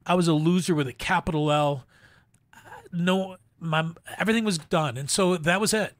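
Earnest, halting man with a higher voice. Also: no echo, studio quality. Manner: earnest, halting, with frequent restarts. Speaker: guest sharing personal testimony. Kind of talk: emotional personal story in a faith interview.

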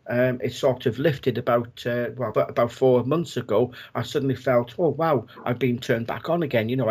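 A man with a mid-range voice recounts a personal story at an unhurried, gentle pace. He rambles, restarts his sentences and fills pauses with "uh" and "you know," the way a medium talks when chatting openly. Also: medium pitch.

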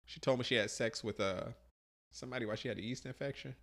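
A man's voice: mid-range voice, fast. A man co-hosting a casual podcast, telling crude stories with lots of laughter and acted-out voices. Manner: animated storyteller, laughs often, acts out voices. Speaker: podcast co-host.

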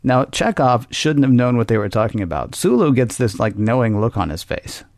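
A man's voice: medium pitch, expressive, normal speed, creaky, a little mellow, no room sound, clean studio sound. Rambling, joking man co-hosting. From Tennessee. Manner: rambling, joking, often laughing, hesitant restarts. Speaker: podcast co-host. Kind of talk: casual discussion.

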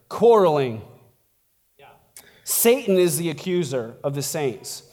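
A man's voice: high-pitched, darkish tone, long reverb tail. A man preaching as a pastor in a casual, conversational sermon, chatty and laughing, tossing in "like" and "right?" as he goes. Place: church.

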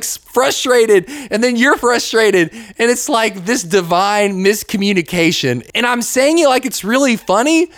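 A young man from the United States, hosting a Christian podcast, talks casually in a high-pitched voice over a dry recording. He says "like" a lot and acts out small quotes along the way.

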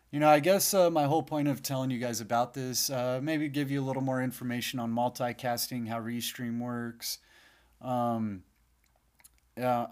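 A man hosting his own podcast in a casual, rambling monologue, sleepy and yawning, swearing freely now and then. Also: medium pitch. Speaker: podcast host.

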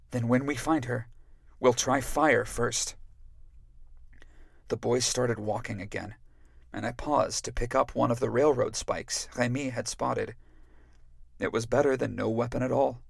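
A man narrating an audiobook in a measured, even storytelling manner. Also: medium pitch, gravelly, slightly rough, no room sound, studio quality. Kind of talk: scripted narration.

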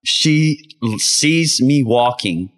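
A man's voice: animated, extremely slow, a bit bright. A young man co-hosting a podcast, telling stories in casual chat and swearing freely. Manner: swears a lot, tells stories in a low drawl. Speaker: podcast co-host.

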